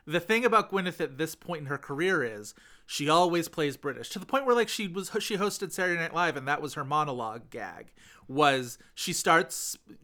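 A man's voice: fairly high pitch, sharp tone. A man co-hosting a film podcast, chatting casually and rambling with many fillers. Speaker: podcast co-host.

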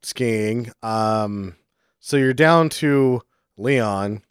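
A man's voice: mid-range voice, drawn-out words, smooth, no echo, clean studio sound. A man co-hosting a casual movie-recap podcast, making wry asides and swearing. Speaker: podcast co-host.

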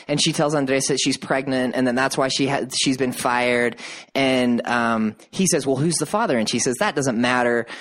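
A man co-hosting a podcast, casually retelling a TV drama plot with lively quoted voices. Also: normal speed. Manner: animated storyteller, voices quotes with rising pitch. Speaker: podcast co-host. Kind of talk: casual chat, recapping a TV drama.

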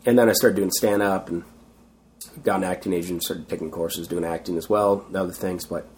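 Low-pitched Canadian man, street performer guest, rambling and self-mocking. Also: steady tone, brisk, darkish tone. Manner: rambling and self-deprecating, full of fillers. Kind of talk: casual storytelling interview.

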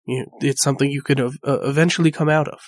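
A man's voice: medium pitch, fairly even intonation, quick pace. A man running a tabletop game, describing scenes in an easygoing, descriptive way. His voice sits in a middle range for a man. The recording is dry, with no room echo. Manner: casual, descriptive storytelling. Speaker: game master.

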